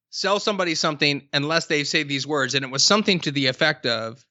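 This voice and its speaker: A man with a bright, forceful, slightly high voice chats on a podcast, stretching words for emphasis as he tells stories. The sound is dry and a little dull, with a lo-fi edge. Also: dry recording. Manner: emphatic, storytelling, drawn-out stresses. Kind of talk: casual podcast conversation.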